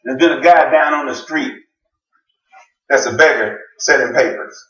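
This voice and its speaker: A man preaching a sermon, telling the story with jokes and sudden shouted exclamations. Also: mid-range voice, normal speed, muffled recording. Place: church sanctuary. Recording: roomy church sound from a distant mic.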